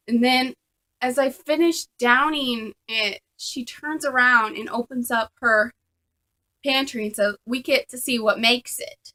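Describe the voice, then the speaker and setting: A young woman with a bright, slightly high voice tells a storytime vlog to her camera. She is chatty and animated, full of ums and likes, and sounds like she is talking to a tripod camera. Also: measured pace. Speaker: vlogger. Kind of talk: casual storytime.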